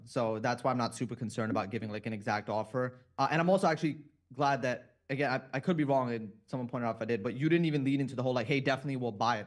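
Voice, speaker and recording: A man talks quickly and easily on a video call, scoring a sales call with casual feedback. His pitch is mid-range for a man. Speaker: judge in a sales competition.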